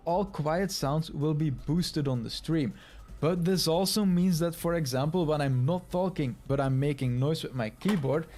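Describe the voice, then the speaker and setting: A man with a fairly high voice presents a streaming tutorial, walking step by step through audio settings on screen. He is instructive and demonstrates by talking quietly and then shouting. There is slight background noise.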